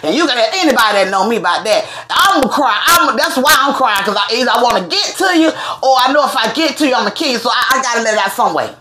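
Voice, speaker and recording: Woman host, fairly high voice, casual and blunt commentary, swears freely. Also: lively intonation, fast, hardly any pauses, sharp tone.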